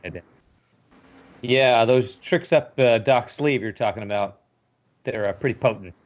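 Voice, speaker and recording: A man's voice: medium pitch, highs cut off. A man playing in a tabletop game, talking casually. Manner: slow, lively, laughing player. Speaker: player.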